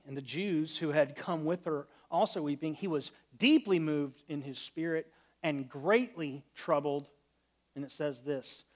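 A male pastor preaching an earnest, conversational sermon that often drops to a quiet tone. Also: a little high.

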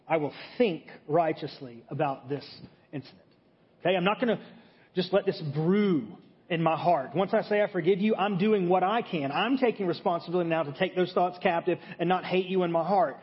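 Male pastor, high voice, conversational sermon with frequent check-ins; muffled recording in a big echoing church hall. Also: fairly quick. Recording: muffled sound with long hall reverb.

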